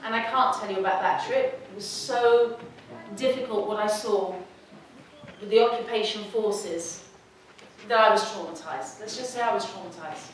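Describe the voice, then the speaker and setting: A middle-aged woman telling a personal story to an audience in a lively, humorous way. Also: medium pitch, moderate pace, slight background noise. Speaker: speaker. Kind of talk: storytelling talk. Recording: echoey hall, mic from far off.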